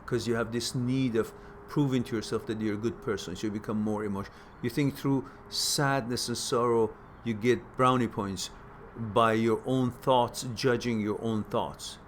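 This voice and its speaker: A man hosts a live question-and-answer talk, answering viewers in a casual, plain-spoken way. His voice sits at an ordinary middle pitch but jumps higher and louder when he presses a point, and he often repeats words while he thinks. Faint background noise runs under the recording. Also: steady tone, moderate pace, few pauses.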